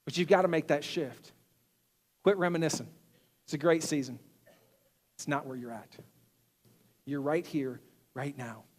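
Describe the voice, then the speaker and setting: A male pastor giving a sermon in an animated way, asking the congregation questions. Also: a little high, measured pace, long pauses, long reverb tail. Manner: animated, acts out quotes, asks the audience questions.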